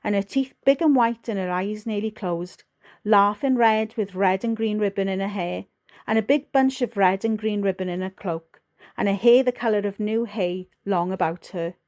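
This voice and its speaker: A woman with a Welsh accent narrating an audiobook in a steady, measured way. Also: medium pitch. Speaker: audiobook reader.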